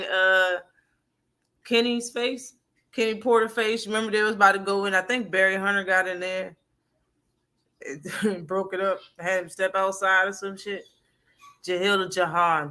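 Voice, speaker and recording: A woman's voice: mid-range voice, unhurried, pushed and bright. A woman hosting a live boxing talk stream in casual, profane chat, laughing often and answering her chat.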